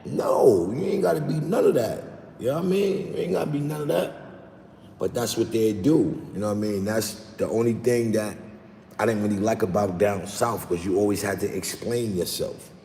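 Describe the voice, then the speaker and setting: A man's voice: on the low side, normal speed, vocal fry, dark tone. A man from New York with a New York accent, casually chatting on a livestream in loose street slang and reading out viewer comments. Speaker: livestream host. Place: outdoors in the city, rain starting. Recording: roomy echo with long reverb, faint background noise.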